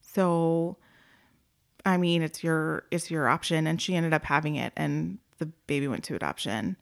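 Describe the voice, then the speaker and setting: A woman speaking in a casual podcast chat, telling an emotional story and slowing down, going soft at the heavy moments. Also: low-pitched, gravelly. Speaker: former group home worker.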